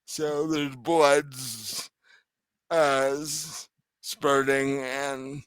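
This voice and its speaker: A man narrating a tabletop horror game as game master, who laughs often and narrates in a loose, halting way. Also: mid-range voice, fairly even intonation, a bit bright, smooth, dry recording.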